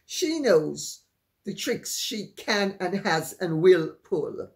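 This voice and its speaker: Slow, sardonic woman commentator. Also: fairly low pitch, sing-song. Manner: sardonic, mocking. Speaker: royal commentator. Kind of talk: casual commentary.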